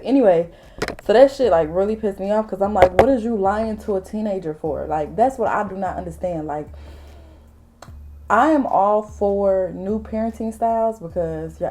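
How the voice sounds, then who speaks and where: A woman in her late twenties telling a casual storytime while doing her makeup, blunt, animated and full of profanity. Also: mid-range voice, a little hiss or hum. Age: late 20s. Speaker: vlogger.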